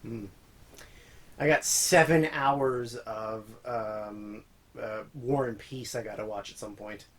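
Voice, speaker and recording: A man's voice: lowish voice, steady tone, slow, fairly bright tone, low-quality recording. A man co-hosting a podcast, trading dry, teasing banter in casual chat. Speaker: podcast co-host.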